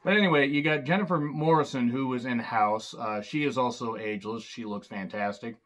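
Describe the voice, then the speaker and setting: A movie reviewer with a medium-pitched, fairly quick, slightly bright voice rambles casually through a film review. He fills it with sarcastic wisecracks and loose asides, using fillers and restarting sentences as he goes.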